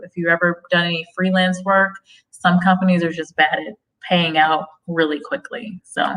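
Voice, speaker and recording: A woman's voice: mid-range voice, a bit bright, poor audio. A young woman from the United States chatting on a live stream, reading viewer comments aloud and answering them. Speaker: livestream host. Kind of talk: casual livestream chat.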